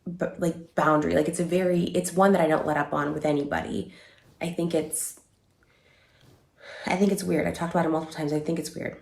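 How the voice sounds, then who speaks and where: A woman speaks in a low voice with a gravelly fry, giving an emotional personal statement. She halts often, filling gaps and restarting sentences. The room around her rings with echo. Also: fairly even intonation, a little mellow. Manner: halting, many fillers and restarts. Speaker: online creator giving a statement.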